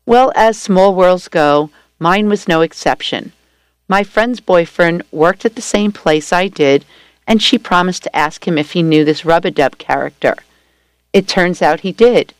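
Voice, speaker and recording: A woman reading a first-person story aloud at a steady, gentle storytelling pace. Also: lowish voice, a little slow, smooth, no echo. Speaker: story reader.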